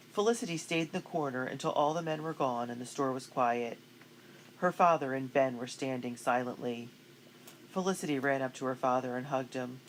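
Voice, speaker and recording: Low-voiced woman reading a storybook. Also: normal speed, a little hiss or hum. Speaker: narrator. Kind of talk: storybook read-aloud.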